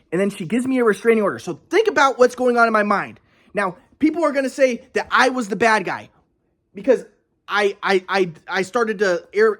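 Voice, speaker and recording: A man telling a personal story in an agitated, defensive monologue, swearing often and restarting his sentences. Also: high-pitched.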